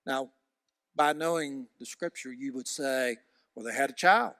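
A man preaching a sermon with emphatic repetition, swinging from loud shouts to hushed near-whispers. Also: medium pitch, moderate pace, no room sound, studio quality.

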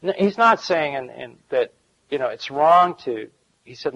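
A man's voice: fairly high pitch, expressive, moderate pace, dull audio. A middle-aged man preaching a sermon as pastor, in a folksy style with chuckles and asides.

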